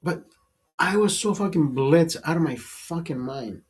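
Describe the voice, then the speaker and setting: A man's voice: a little high, expressive, a little slow, darkish tone. A man hosting a live stream who tells a rambling, profane story in casual chat, laughing often and repeating himself. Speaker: show host. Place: studio.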